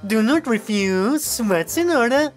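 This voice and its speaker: A bossy, cheeky middle-aged woman official with a slightly raised voice, played by a male narrator. She talks with lively ups and downs over faint music. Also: very high-pitched, unhurried, pitched above the performer's own voice.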